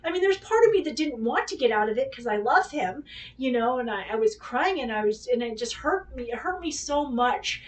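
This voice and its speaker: A woman's voice: sits high, expressive, fairly quick, distant mic. A woman hosting a podcast who tells a personal story in casual chat, rambling and candid, swearing freely and acting out what people said. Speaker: podcast host.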